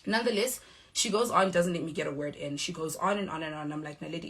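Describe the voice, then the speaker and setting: Young South African woman, firm and measured, speaking low, recounting events on camera. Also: fairly bright tone. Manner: measured, firm, acts out quoted exchanges. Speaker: reality show cast member. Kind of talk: direct-to-camera statement.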